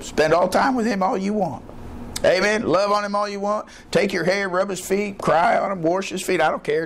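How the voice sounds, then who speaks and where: High-voiced preaching man calling out "Amen". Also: creaky, slight background noise. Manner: folksy preaching with frequent "Amen" call-outs; asks the congregation questions. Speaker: pastor. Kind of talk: evening church sermon. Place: church service with a responding congregation.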